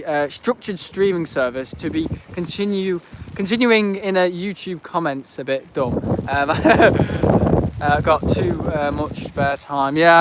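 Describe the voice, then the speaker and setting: A man hosting a casual live stream outdoors at an airport, rambling and aggrieved with many fillers. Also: a little high. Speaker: livestream host. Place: outdoors at an airport visitor park. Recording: noisy outdoor stream audio.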